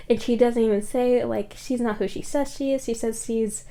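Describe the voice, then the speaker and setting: A woman's voice: a little high, fairly even intonation, moderate pace, hardly any pauses, mellow. A woman vlogger telling a story in a casual, rambling way, full of "like" fillers and blunt swearing.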